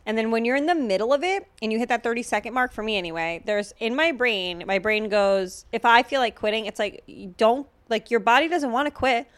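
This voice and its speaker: A woman's voice: fairly high pitch, a little fast, few pauses, no echo. A woman co-hosts a podcast in loose, casual chat. She is blunt and swears freely, jokes as she goes and fills her talk with "like" and "literally". Her voice is dry and close, with no room sound. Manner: blunt, profane and joking, with many fillers. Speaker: podcast co-host.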